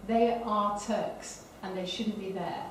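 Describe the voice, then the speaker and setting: A woman's voice: mid-range voice, fairly even intonation, takes it slowly. A woman in the audience making a point at a seminar discussion, hesitant and correcting herself mid-sentence. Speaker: audience member asking a question. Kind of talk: seminar question-and-answer discussion. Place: lecture hall. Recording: echoey room picked up from far off, faint hiss.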